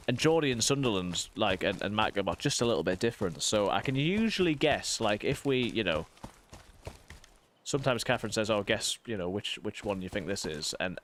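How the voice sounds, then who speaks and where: A fairly low-pitched man in his thirties chats casually while streaming a game, and his northeast English accent slips in and out. He rambles, restarts sentences and breaks off for quick asides about the game. A faint hiss sits under his desk mic. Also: fairly bright tone. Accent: northeast English, softened. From northeast England. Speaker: streamer and vicar. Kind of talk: casual gaming stream chat.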